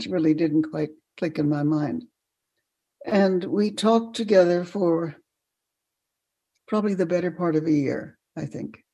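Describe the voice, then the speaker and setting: An older woman, a podcast guest, telling animated stories and laughing often. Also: fairly low pitch. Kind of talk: storytelling in a podcast interview.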